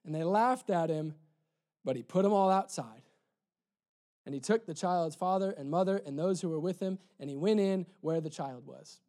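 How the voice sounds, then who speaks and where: A man preaching a sermon in church, impassioned and repetitive, dropping soft for emphasis. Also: a little high, moderate pace. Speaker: pastor.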